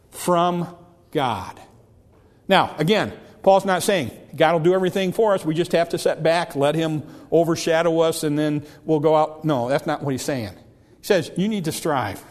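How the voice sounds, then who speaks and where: A man delivering a sermon from the pulpit, his voice sitting a little higher than most men's. He preaches emphatically, repeating words and restarting phrases as he builds his point. A long reverb trails each phrase. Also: a little mellow. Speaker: pastor.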